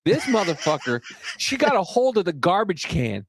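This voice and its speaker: A man's voice: high-pitched, sing-song, normal speed, a little hiss or hum. A man co-hosting a podcast, telling a rambling story in casual chat and swearing often. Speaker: podcast co-host.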